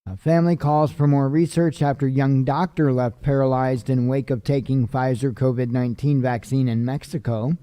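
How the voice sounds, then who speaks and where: Male news-commentary host, weary and casual, warm dark tone, dry close recording. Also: medium pitch, fairly even intonation, moderate pace, hardly any pauses, clear, resonant tone, no room sound. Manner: tired, yawning, offhand asides. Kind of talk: reading headlines with casual commentary.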